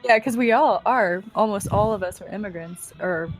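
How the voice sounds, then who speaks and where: A woman's voice: mid-range voice, moderate pace, music in the background. A woman from Tennessee chatting casually as a podcast guest, giggly and loose, trailing off into fillers. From Tennessee, United States. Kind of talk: casual group chat.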